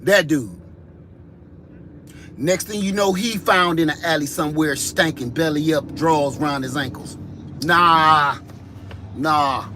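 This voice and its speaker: A man from Ohio doing a comedic monologue, animated and full of slang. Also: a little high, a little slow, pauses often, a little hiss or hum. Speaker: vlogger.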